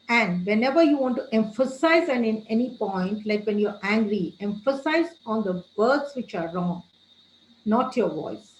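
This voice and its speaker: A woman's voice: fairly high pitch, expressive, moderate pace. Woman trainer lecturing in an echoey room. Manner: addresses listeners as friends, gives tips.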